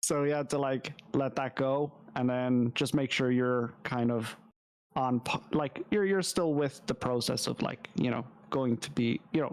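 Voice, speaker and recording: A man's voice: mid-range voice, smooth, poor audio. Man, Yorkshire accent, tabletop player, rambling, laughs a lot. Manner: laughs often, rambling explanations with fillers. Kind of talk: casual tabletop game chat.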